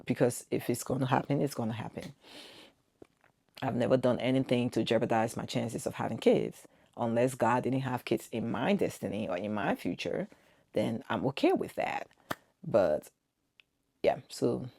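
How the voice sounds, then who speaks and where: A woman's voice: very deep voice, normal speed, gravelly, a little mellow, husky, no echo, clean studio sound. A woman in her forties telling an earnest, emotional personal story to camera, with quoted dialogue. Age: 40s. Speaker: vlogger.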